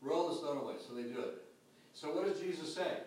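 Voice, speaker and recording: A pastor preaching a sermon with dynamic swings between loud calls and hushed, quiet lines. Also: male voice, fairly high pitch, brisk, distant mic, a little hiss or hum. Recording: echoey hall picked up from afar.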